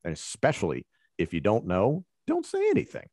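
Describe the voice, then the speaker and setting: Male commentator, deep voice, relaxed conversational delivery, dry recording. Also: normal speed, no room sound. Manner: relaxed, conversational, explains with examples. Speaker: wrestling commentator. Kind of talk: conversational interview answers.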